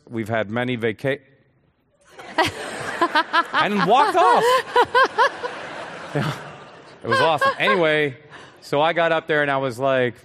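A man's voice: mid-range voice, huge pitch swings, background noise. A man in his thirties tells a chaotic story as a talk show guest, racing through anecdotes and chuckling at his own punchlines. His voice sits in an ordinary middle range. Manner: fast comic storytelling with laughs. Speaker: comedian guest.

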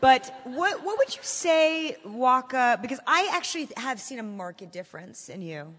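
A woman's voice: high-pitched, very animated, moderate pace, fairly bright tone, long reverb tail. A woman interviewing a guest in casual, friendly chat, with teasing questions.

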